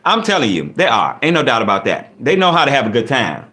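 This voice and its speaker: A man's voice: mid-range voice, quick pace. A man hosting a casual livestream, reading out chat comments and joking back with viewers. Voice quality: lively, animated delivery. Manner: reads chat comments aloud and riffs on them; playful, laughing, teasing.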